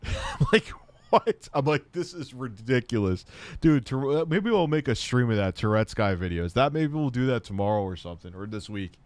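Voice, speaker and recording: A man's voice: a little fast, no echo. Profane, chatty male streamer. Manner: profane, animated storytelling, acts out quotes in high shouts. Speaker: host. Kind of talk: casual livestream chat.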